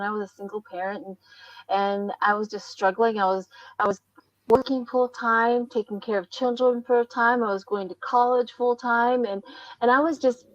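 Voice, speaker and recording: An older American woman hosting a casual live stream, telling lively stories and acting out the voices she heard. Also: mid-range voice, no echo, dull audio. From United States. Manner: animated storyteller, acts out voices. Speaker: tarot reader host.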